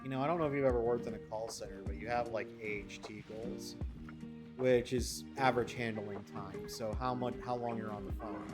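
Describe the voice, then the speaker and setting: A man's voice: mid-range voice, fairly even intonation, a little fast, over music. A man streaming a video game, telling a story in casual, rambling chat with frequent swearing and restarts. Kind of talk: casual chat while gaming.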